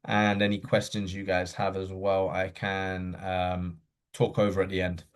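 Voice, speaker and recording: A man coaching runners in a live online session, talking quickly and casually with fillers and frequent okays. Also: low-pitched, monotone. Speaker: running coach. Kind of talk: live online workshop talk.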